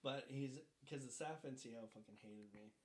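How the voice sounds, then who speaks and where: A young man telling crude stories on a casual podcast, laughing often and loudly acting out the people in them. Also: mid-range voice, normal speed, echoey room. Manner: crude, laughing storyteller who acts out others loudly. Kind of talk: casual chat, storytelling.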